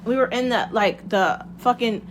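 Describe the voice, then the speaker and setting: This host's voice runs on the high side at a moderate pace, with a little hiss or hum behind it. She rambles candidly through a casual motivational monologue, cursing without restraint.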